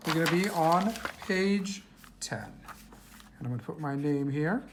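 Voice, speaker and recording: A woman teacher reading a worksheet aloud to young children, patient and slow, asking questions and answering them herself. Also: sits low, expressive, a little hiss or hum.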